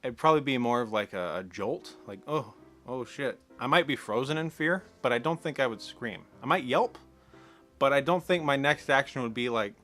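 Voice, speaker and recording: Bright-voiced, exasperated ranting man. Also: mid-range voice, expressive, fairly quick, faint music behind. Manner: exasperated, profane, sarcastic. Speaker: movie commentator. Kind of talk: ranting film commentary.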